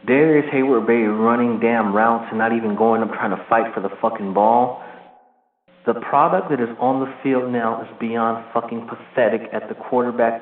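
Angry, swearing male caller on a phone line. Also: mid-range voice. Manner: angry, profane rant. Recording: tinny phone line with echo.

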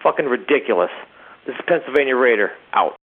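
A man's voice: medium pitch, animated, quick pace, slight background noise. Disgusted man ranting over a phone line. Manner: disgusted, profane, emphatic. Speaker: caller. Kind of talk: ranting voicemail.

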